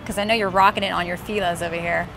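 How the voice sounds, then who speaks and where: A woman's voice: lowish voice, steady tone, quick pace, over music. A woman hosting a casual interview over wine, bubbly and enthusiastic. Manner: bubbly, enthusiastic, laughing often. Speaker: interview host.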